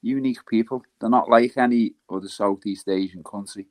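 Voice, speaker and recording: Male guest, relaxed and plain, dry close sound. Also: fairly low pitch, fairly quick, dry recording. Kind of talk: casual chat.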